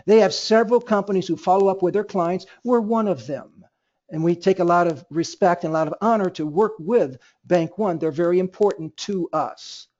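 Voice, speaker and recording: A man's voice: high-pitched, moderate pace, darkish tone. A man running a sales training webinar, talking energetically and acting out both sides of phone calls. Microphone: computer mic on a webinar. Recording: dull lo-fi webinar audio.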